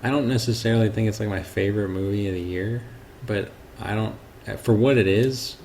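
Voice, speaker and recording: A man's voice: lowish voice, fairly quick, a little mellow, a little hiss or hum. A man co-hosting a casual movie review, joking and quoting scenes in put-on voices. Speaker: podcast co-host.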